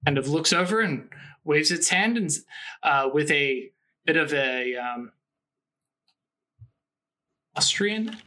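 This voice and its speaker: A man narrating a tabletop role-playing game as game master, rambling and amused with many pauses. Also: fairly high pitch, lively intonation, sharp tone.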